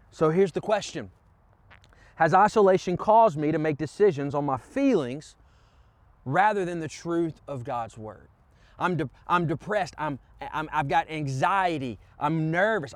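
A man's voice: fairly high pitch, dry recording. A man preaching a sermon as pastor, impassioned and urging the congregation on. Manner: impassioned preaching, repeated "come on" calls to the congregation.

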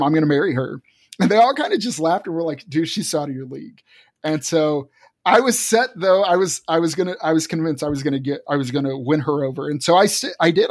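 A man's voice: a little high, dry recording, clean studio sound. A man earnestly telling a personal story as a guest, with frequent restarts. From Texas.

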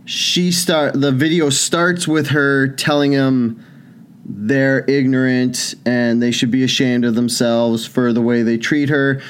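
A man's voice: medium pitch, clear, resonant tone. A young man co-hosting a casual banter podcast, telling stories in a rambling way full of restarts and "like". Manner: rambling storyteller, restarts and likes. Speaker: podcast co-host.

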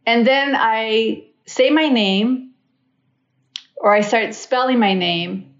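A woman on a discussion panel telling a personal story in a deliberate, pointed way. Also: fairly high pitch. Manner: deliberate and pointed, spells things out slowly. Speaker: panel guest. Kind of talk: conversational storytelling. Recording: dull echoey room sound.

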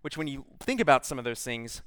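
A man's voice: medium pitch, big pitch swings, a little fast, a bit bright, clean tone, no echo. A man preaching a sermon, reading scripture aloud and stopping to explain it in a conversational way. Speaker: pastor.

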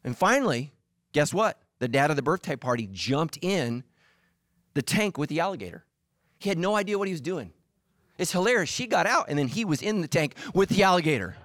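Male pastor, middle-aged, comic sermon, lively up-and-down voice, dry close sound. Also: a little high, fairly quick, no room sound. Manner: animated, acts out voices and quotes. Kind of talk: humorous sermon.

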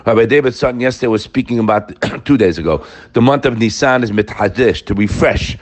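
A man's voice: mid-range voice, a little fast. A man giving an informal Torah class, talking straight to his listeners and repeating key phrases for emphasis. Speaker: Torah teacher.

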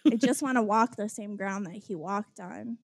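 A young woman from the Chicago area, an excitable storyteller chatting casually on a podcast. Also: mid-range voice, normal speed, dry recording. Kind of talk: casual chat.

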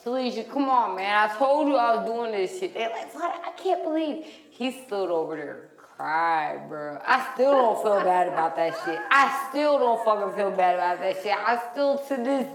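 A woman co-hosting a podcast, telling a story in casual chat, animated and profane, loudly acting out the lines she quotes. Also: medium pitch, normal speed, hardly any pauses, roomy sound. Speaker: podcast co-host.

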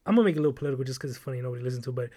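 A man's voice: medium pitch, animated, racing, warm tone. A young man hosting a podcast, telling a long rambling, profane story in casual chat. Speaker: podcast host.

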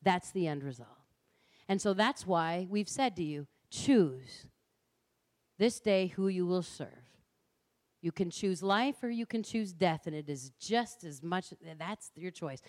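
In a lecture hall, a middle-aged woman gives a fervent, punchy public lecture, acting out whoever she quotes. Her voice is fairly low, a little mellow, and animated, and she speaks slowly.

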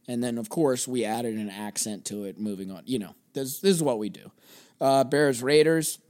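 A man's voice: medium pitch, normal speed, a little mellow. Casting: young guy, sports podcast host, rambling profane rants, mid-range voice. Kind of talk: solo sports podcast rant.

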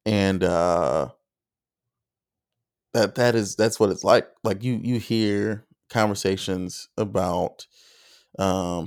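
A man's voice: sits low, a little mellow. A man telling a comic story in a rambling, casual way, with many fillers. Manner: rambling, lots of fillers and restarts. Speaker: comedian.

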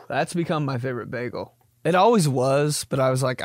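A man's voice: medium pitch, moderate pace, dry recording, studio quality. A young man hosting a podcast, riffing in a jokey comedic monologue and slipping into silly voices. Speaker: podcast host.

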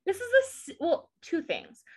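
A woman co-hosting a podcast, recapping a TV episode in casual chat with sarcastic jokes and quick asides. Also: extremely high pitch, huge pitch swings, darkish tone. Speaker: podcast co-host.

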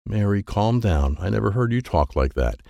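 A man's voice: on the low side, animated, moderate pace, creaky, mellow, dry recording. A man reading a children's audiobook, voicing an anxious aunt who keeps firing off worried questions. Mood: stern. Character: frantic middle-aged woman, the aunt. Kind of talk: audiobook character voice.

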